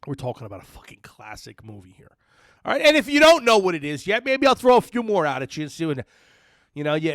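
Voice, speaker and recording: A man hosting a podcast, loud, excitable and cursing freely in casual chat. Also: fairly high pitch, no room sound, studio quality. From New Jersey. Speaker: podcast host.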